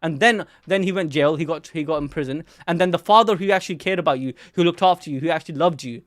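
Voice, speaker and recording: A young man reacts live to a new manga chapter, excitable and full of slang. His voice sits high and sounds dry and close to the mic. He keeps breaking into loud exclamations as he talks it through. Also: fast, no echo. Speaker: anime channel host.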